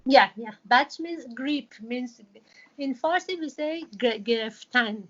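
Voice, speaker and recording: A woman's voice: high voice, slow pace, highs cut off, slight background noise. A woman who teaches an online Quran class and explains patiently, with many fillers and restarts.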